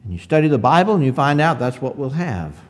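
A man preaching a conversational sermon. He asks the congregation rhetorical questions and reads scripture slowly. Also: medium pitch, sing-song.

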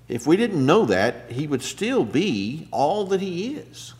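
A man preaching a sermon, unhurried, often clearing his throat, building to emphatic peaks and then dropping soft. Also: a little high, sing-song. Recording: long hall reverb.

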